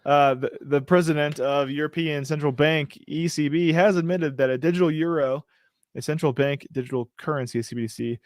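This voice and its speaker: A man's voice: a little high, fairly even intonation, fairly quick, no echo. A man hosting a casual show, reading news items and riffing on them with jokes. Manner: joking, riffing asides while reading. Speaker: show host.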